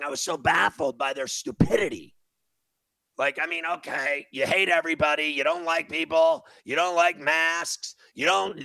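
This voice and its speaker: Loud, gravelly ranting radio host man. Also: fairly high pitch, no echo. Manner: loud, profane, mocking ranting. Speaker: talk show host. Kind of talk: radio talk show rant.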